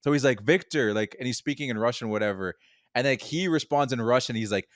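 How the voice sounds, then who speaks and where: A man's voice: medium pitch, a little fast, dry recording, clean studio sound. A man co-hosting a film podcast in casual chat, laughing often and acting out lines from scenes. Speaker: podcast co-host.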